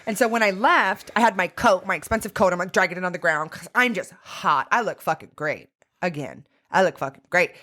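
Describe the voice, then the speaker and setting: A woman's voice: on the low side, brisk. Profane young woman telling a story. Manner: candid, profane, animated storytelling. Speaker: podcast co-host. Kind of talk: casual chat, storytelling.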